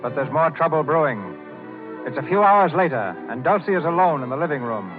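A man's voice: a little high, animated, fairly quick. Formal 1930s radio narrator, man. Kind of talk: scripted narration. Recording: tinny old radio broadcast over music.

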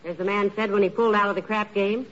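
An actress playing a patient, sharp-witted middle-aged wife in dry, teasing 1940s radio comedy style. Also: female voice, medium pitch, steady tone, quick pace, slight background noise, close to an everyday voice. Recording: dull old radio recording.

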